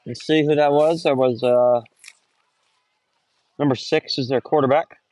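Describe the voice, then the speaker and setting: Calling a high school football game from outside, this young man keeps a measured pace in his loose, meandering play-by-play captured on a phone. He frequently corrects himself and gets fired up whenever there's a big run.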